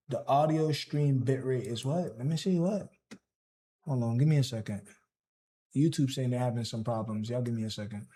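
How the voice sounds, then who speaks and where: Hyped, slangy man live-streaming his trades. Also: a little high. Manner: excitable, slangy, talks straight to his chat. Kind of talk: live trading stream commentary.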